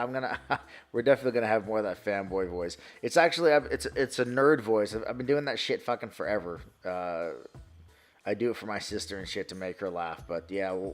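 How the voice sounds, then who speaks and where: A New York man in his thirties chats casually on a live stream, answering chat in an excitable, rambling, profane way. His voice is fairly low in pitch.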